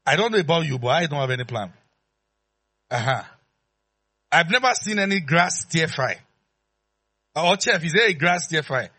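A man preaching a sermon in an animated, playful way, calling out to the congregation. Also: a little high, moderate pace, pauses often, slightly rough. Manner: animated and playful, acts out dialogue, calls out to the congregation.

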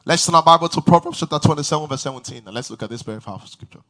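A man's voice: fairly high pitch, very fast, sharp tone. A man preaching a sermon to a large church congregation, emphatic and drawing responses from the crowd. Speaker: pastor.

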